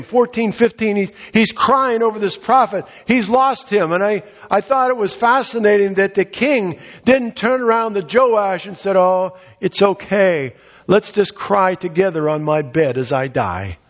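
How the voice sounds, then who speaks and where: A man preaching a sermon, reading a scripture passage aloud and explaining it earnestly. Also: high-pitched. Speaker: pastor. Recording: dull lo-fi sound with long hall reverb.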